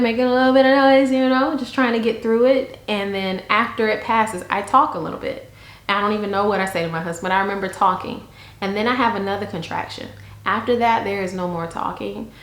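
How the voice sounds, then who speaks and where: A young woman telling a story to camera in a chatty, frank, animated way. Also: mid-range voice, echoey room. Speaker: vlogger.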